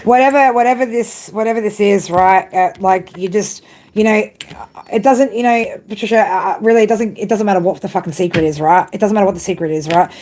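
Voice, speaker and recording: A woman's voice: medium pitch, brisk, a little mellow, slight background noise. A woman giving a live tarot reading in a blunt, profane monologue, ending nearly every phrase with a tag question. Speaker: tarot reader.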